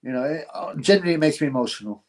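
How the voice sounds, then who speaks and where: A man's voice: a little high, animated, racing. Blunt man hosting a live boxing chat. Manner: rambling, blunt, slangy, with frequent restarts. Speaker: host of a live boxing show. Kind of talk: casual live-stream chat reading viewer comments.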